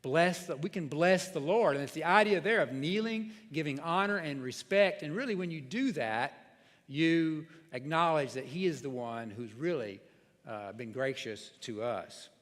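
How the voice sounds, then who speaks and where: A male pastor preaching in a church sanctuary, his voice sitting a little higher than most men's. He talks in a plain, conversational way and often restarts his sentences. The sound carries a long hall reverb. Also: normal speed, fairly bright tone. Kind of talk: sermon.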